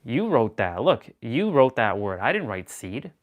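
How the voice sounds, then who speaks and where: A man's voice: medium pitch, big pitch swings, a little slow. A man chatting casually on a live stream, rambling and joking as he reacts to viewers' comments.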